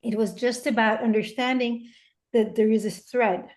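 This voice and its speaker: Female guest, higher pitch, soft reflective delivery, restarts phrases as she thinks. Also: steady tone, moderate pace. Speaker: interview guest, parenting coach. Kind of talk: reflective interview talk.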